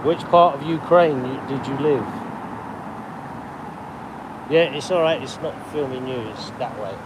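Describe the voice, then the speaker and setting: A man's voice: medium pitch, measured pace. Chatty man streaming on a street. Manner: chatty, friendly with strangers. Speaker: live streamer. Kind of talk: casual street live stream. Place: city street outdoors with traffic. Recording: street noise and traffic.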